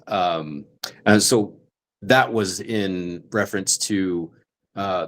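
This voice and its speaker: Lowish guy on a movie podcast, kinda rambling and reflective. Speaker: podcast co-host. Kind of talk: casual film discussion.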